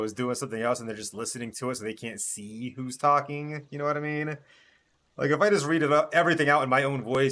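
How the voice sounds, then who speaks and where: A man's voice: medium pitch, fairly bright tone. A man streaming a game live, chatting casually and reading it aloud in a friendly voice with many fillers.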